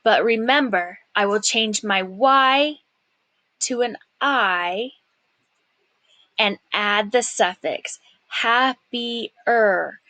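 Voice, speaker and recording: A woman's voice: on the high side, extremely slow, sharp tone, no echo. A woman teaching a phonics lesson, carefully sounding out words and encouraging the learner, sometimes whispering a word as she repeats it. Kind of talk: slow, clear phonics lesson.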